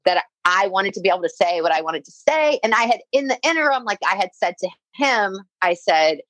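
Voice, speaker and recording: A woman's voice: medium pitch, lively intonation, brisk, hardly any pauses, a bit bright, no room sound, low-quality recording. A young adult woman telling a personal story in casual conversation, full of "like" fillers and quoting what others said.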